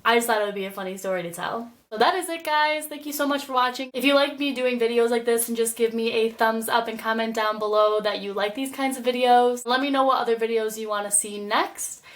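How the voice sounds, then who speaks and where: A woman's voice: on the high side, a little fast, few pauses. A young woman telling a story in a casual vlog, chatty and full of "like" and "literally.". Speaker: vlogger.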